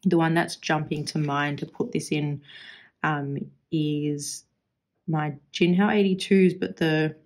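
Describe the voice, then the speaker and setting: A woman's voice: sits low, steady tone, slow, darkish tone. An Australian woman chatting casually as she swatches fountain pen ink, musing aloud and trailing off into restarts as she searches for words.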